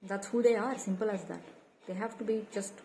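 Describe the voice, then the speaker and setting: A woman's voice: medium pitch, a little fast, vocal fry, warm tone, slight background noise, rough recording. A woman in an emphatic solo monologue, indignant, firing off repeated rhetorical questions. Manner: indignant, quotes others in raised mocking tones. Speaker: vlogger.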